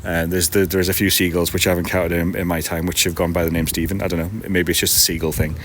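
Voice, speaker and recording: A man's voice: low-pitched, flat delivery, fast talker. A man, chatting casually and self-deprecatingly to a live-stream audience from an outdoor market stall, laughing often. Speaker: streamer and podcast host. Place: outdoor market stall in the early morning, seagulls around. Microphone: iPad. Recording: outdoor background noise.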